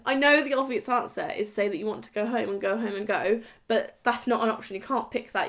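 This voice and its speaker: Giggly chatty woman vlogger. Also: on the high side. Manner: giggly, chatty, self-mocking. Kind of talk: casual storytime chat to camera.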